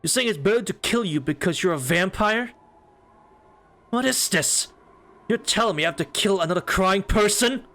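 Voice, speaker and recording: A man streamer reading aloud as a hot-headed, stubborn young man, delivering blunt lines in loud, rising outbursts. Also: fairly high pitch, a little slow, pauses often, full character voice. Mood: incredulous. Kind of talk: reading a game's story mode aloud.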